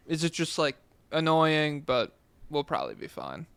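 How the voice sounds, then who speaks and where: A young man talks sports on a podcast in a smooth, clean voice that sits a touch higher than most men's. He argues his points with animation and swears casually. The sound is close and dry. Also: huge pitch swings, a little slow, fairly bright tone, no room sound. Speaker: podcast co-host.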